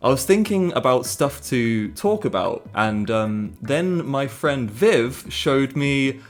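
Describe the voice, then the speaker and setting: A man's voice: mid-range voice, expressive, slow pace, faint music behind. A man hosting a casual video review, joking and laughing as he rambles. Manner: jokey, laughs often, rambling. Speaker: host.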